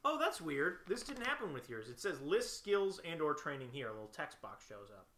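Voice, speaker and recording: A young man co-hosting a comedy show, bantering and bickering in an animated way. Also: a little high, a little fast, roomy sound, slight background noise. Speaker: co-host.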